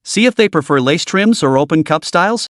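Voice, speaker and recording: A man's voice: a little high, lively intonation, fairly quick, a bit bright, no room sound, clean studio sound. A man voicing a proud, hot-tempered young male employee, indignant and angry, read in a recap. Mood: furious.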